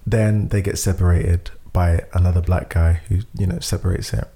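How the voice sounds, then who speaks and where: A young man, telling a story in casual podcast chat, lively, laughing often and swearing freely. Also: deep voice, normal speed, creaky. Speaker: podcast co-host.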